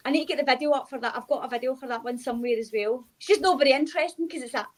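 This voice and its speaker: A young woman with a Glaswegian accent talks as a guest in a relaxed chat. Her voice sits high, and she rattles on with plenty of "like" and quick asides. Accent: Glaswegian Scottish. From Scotland. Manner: chatty, with frequent "like" fillers and quick asides. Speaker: guest, urban explorer. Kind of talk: casual chat.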